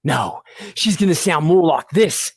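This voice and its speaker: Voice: mid-range voice, expressive, measured pace, creaky, husky, dry recording. A performer presenting an educational show for children, playful and encouraging, often laughing and asking the audience questions. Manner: addresses the audience directly with questions.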